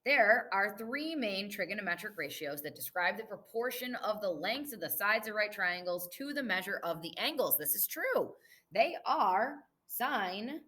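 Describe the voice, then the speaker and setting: A woman's voice: medium pitch, bright, forceful tone. A woman teacher recording a math lesson review, explaining patiently step by step as she writes on the board.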